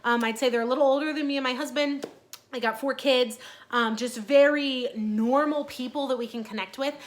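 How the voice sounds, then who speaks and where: A woman's voice: sits high, fairly even intonation, brisk. A woman in her thirties talking in a casual personal vlog, chatty and earnest with many fillers. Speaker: vlogger.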